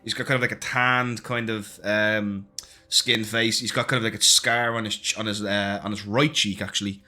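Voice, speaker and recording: A man's voice: lowish voice, steady tone, moderate pace, pushed and bright. A man narrating as game master, describing a character with many fillers and hesitations.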